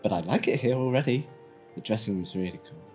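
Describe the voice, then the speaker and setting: A man playing an excitable, curious young fairy in a tabletop game, talking eagerly and playfully. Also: lowish voice, quick pace, faint music behind, natural voice. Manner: eager, playful in-character chat.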